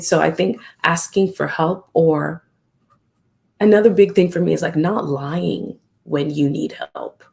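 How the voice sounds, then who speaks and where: Brief: live-stream host, reflective and candid, slight vocal fry, mid pitch. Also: a little mellow. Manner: reflective, candid, acts out remembered exchanges. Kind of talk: casual live-stream talk.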